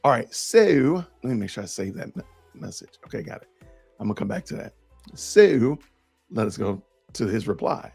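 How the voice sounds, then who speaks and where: A man's voice: on the low side, sing-song, moderate pace, vocal fry, darkish tone, breathy edge, faint music behind. A man hosting a podcast, reading out comments and answering them in an emphatic, sarcastic way. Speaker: podcast host.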